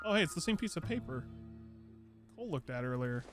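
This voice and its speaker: Guy streaming a game, chatty and jokey, kinda high voice, music under. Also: sing-song, a little fast, pauses often, fairly bright tone. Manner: chatty, jokey, mocks old accents. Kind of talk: casual gameplay commentary.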